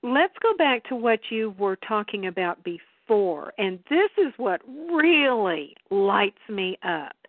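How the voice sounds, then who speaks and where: Slow-speaking woman host over a phone line. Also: fairly high pitch, dry recording. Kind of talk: live interview hosting.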